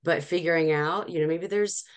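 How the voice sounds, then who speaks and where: Low-voiced woman, chatty business owner. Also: normal speed, clear, resonant tone. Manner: animated storyteller, frequent laughs and restarts. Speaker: professional organizer, guest. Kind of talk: casual interview chat.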